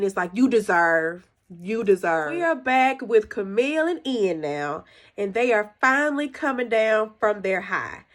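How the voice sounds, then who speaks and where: A woman hosting a podcast, chatting casually as she reviews a TV episode and gives her opinions. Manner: chatty and conversational, recounting scenes with opinions; jumps higher when acting out quoted characters. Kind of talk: casual solo review chat.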